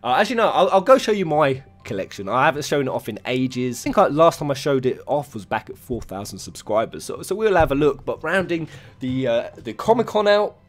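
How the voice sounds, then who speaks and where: Young guy vlogging his figure shelves, pitch jumping all over, stumbles when hyped, faint music. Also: brisk. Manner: swears freely, stumbles over words when excited. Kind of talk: excited casual vlog. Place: home room with shelves.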